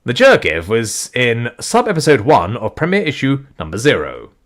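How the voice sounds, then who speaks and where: A man's voice: medium pitch, wildly swooping pitch, moderate pace, a bit bright, pitched below the performer's own voice. A man voicing an officious male cyborg guard, speaking stiffly. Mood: stern.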